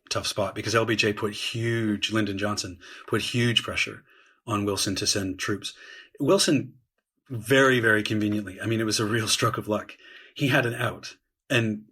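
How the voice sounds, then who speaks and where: A man, a history professor and guest, explaining eagerly in conversation, with frequent restarts and lively voiced quotes. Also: fairly low pitch, slightly rough.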